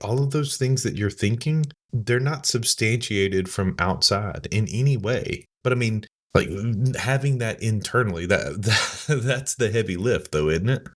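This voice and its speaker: A man's voice: fairly low pitch, a little slow, few pauses. A man co-hosting a podcast in casual conversation, talking in an earnest, encouraging way with many "like"s and "I mean"s. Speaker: podcast co-host.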